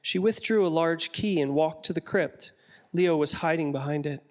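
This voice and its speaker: A man narrating an audiobook in a slightly high voice. He tells the story in a measured, descriptive way, with a steady storytelling pace. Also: in a large hall.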